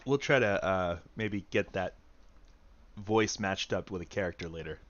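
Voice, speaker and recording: A man's voice: sits low, normal speed, fairly bright tone, muffled recording. Jokey male game streamer. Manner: jokey, self-mocking, laughs often. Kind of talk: casual game-stream commentary.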